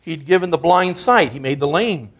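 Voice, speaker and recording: A man's voice: a little high, animated, normal speed. A man preaching a sermon as a guest speaker, in an earnest, conversational way that builds in emphasis.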